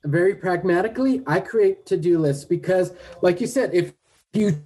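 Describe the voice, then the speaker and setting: A man's voice: high voice, moderate pace, mellow, slightly rough, poor audio. A man in his late forties from Southern California, a guest educator talking in an upbeat, rambling way and laughing often. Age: 40s. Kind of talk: podcast interview.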